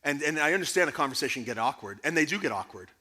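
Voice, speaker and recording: A man speaking as guest speaker at a church conference, answering audience questions in an earnest, animated way. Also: on the high side, very fast. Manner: earnest, animated, rising to emphatic bursts. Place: church sanctuary.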